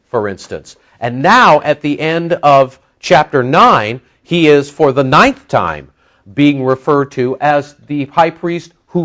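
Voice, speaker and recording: A man preaching an expository sermon, talking conversationally with many fillers and slowing down to stress key words. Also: on the high side, a bit bright, lo-fi sound. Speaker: pastor teaching a Bible study.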